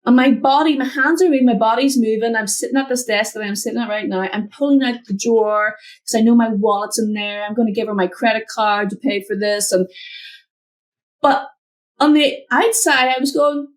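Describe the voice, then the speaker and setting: A woman mentor, a guest in an interview, telling a personal story from her home office over a video call, acting out the voices in it. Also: fairly quick. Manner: animated, acts out quotes with big pitch jumps.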